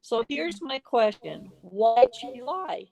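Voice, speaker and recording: A woman's voice: on the high side, sing-song, takes it slowly, gravelly, a little mellow. A woman guest on a podcast, telling a story conversationally, building her argument point by point and acting out bits of quoted dialogue. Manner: earnest, builds a case point by point; acts out quoted dialogue in brief snippets.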